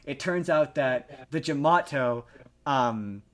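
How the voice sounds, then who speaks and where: A man co-hosting a casual podcast, retelling a story in a rambling, animated way with lots of restarts. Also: mid-range voice, slow pace. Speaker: podcast co-host.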